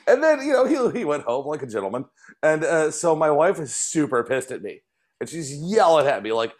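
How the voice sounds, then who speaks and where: Host, male, forties, lively storyteller with a slightly raised pitch. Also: a little fast. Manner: animated, acts out quotes in a high voice. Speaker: podcast host. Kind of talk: casual storytelling chat.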